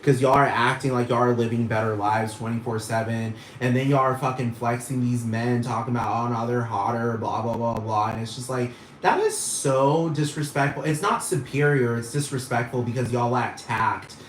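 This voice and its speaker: Man, mid-pitch, rambling profane rant, exasperated, roomy echo and faint noise. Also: steady tone, moderate pace, few pauses. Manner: swears constantly, rambling, scoffing and exasperated. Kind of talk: profane ranting monologue. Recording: echoey room with faint noise.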